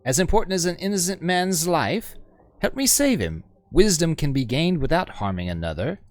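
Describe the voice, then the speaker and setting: A man's voice: a little high, very animated, moderate pace. A man voicing an earnest woman who pleads and reasons, as a dramatic reading of game dialogue. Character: earnest young woman seeking wisdom.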